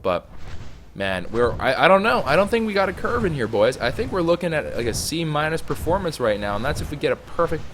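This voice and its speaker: A young man casually commenting on his gameplay, joking and complaining, sometimes pleading loudly. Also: on the high side, brisk, a little hiss or hum. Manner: animated, joking, swings to loud pleading. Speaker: gaming YouTuber.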